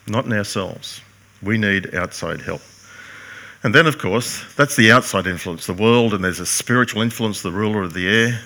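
A man's voice: lowish voice, bright, forceful tone. An older man preaching a sermon, earnest and emphatic, posing rhetorical questions to his congregation. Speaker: pastor.

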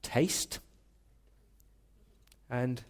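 A male pastor preaching a sermon in an earnest, emphatic way, often restarting words. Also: drawn-out words.

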